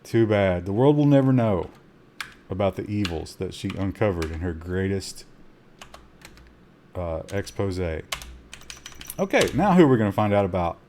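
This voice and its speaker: A man streaming a survival game, giving live commentary with excitable gasps between calm asides and talking to his chat. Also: low-pitched, moderate pace, long pauses, slight background noise. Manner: talks to chat.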